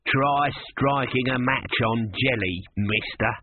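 A man's voice: medium pitch, slow, slight background noise, natural voice. A man voicing a grumpy, sardonic little tortoise god in a storybook reading. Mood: grumbling. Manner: sardonic, snappish. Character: grumpy cynical small tortoise god, male. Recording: tinny phone-like, dry.

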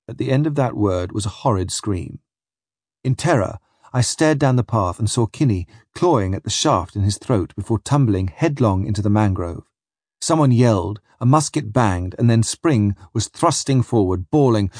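A man reading a first-person adventure story aloud with vivid, dramatic storytelling in a husky voice. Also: on the low side, expressive, normal speed, a little mellow, no echo, studio quality. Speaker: narrator.

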